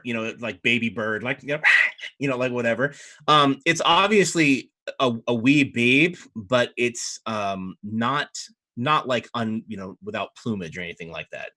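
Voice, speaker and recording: Bright-voiced man running a tabletop game. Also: medium pitch. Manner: loose, rambling narration with many fillers. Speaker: dungeon master.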